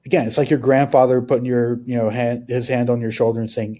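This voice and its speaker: A man's voice: mid-range voice, flat delivery, fast talker, dark tone. A man, a guest on a podcast, telling personal stories in a rambling, casual way. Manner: rambling, uses many fillers.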